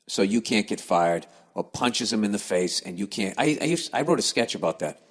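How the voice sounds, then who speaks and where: A podcast host with a fairly low voice reads listener emails aloud and rants about them, sounding profane, exasperated and sarcastic. The recording has the sound of a large hall.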